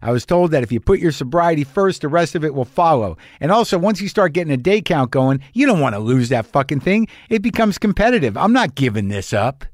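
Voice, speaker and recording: A man's voice: a little high, sing-song, a little fast, few pauses, no echo, studio quality. Profane, self-mocking middle-aged man. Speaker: comedian. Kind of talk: confessional storytelling monologue.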